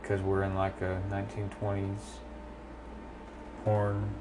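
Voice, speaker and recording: A man's voice: sits low, completely flat delivery, slow pace, noisy background. A man from the South, rambling and swearing casually as a podcast co-host. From American South. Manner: profane, rambling, talkative. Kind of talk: casual chat.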